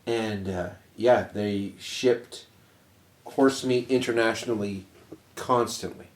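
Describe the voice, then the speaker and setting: Low-voiced man, dry wisecracks, roomy sound. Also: slow, a little mellow. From Canada. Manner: laid-back, dry wisecracks and short backchannels. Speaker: podcast co-host. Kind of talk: casual chat. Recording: roomy echo.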